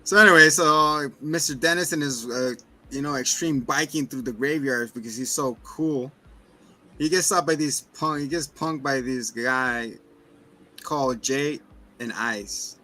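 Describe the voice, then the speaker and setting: A man's voice: mid-range voice, a little slow, pushed and bright. A man co-hosting a casual movie review podcast, recapping the plot loosely with swearing and laughter. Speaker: podcast co-host.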